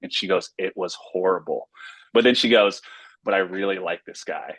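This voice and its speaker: Husky-voiced man telling his story. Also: deep voice, fairly quick, a bit bright, dry recording. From Raleigh, North Carolina, US. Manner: earnest, heartfelt personal storytelling. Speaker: pastor and author guest. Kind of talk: casual interview storytelling.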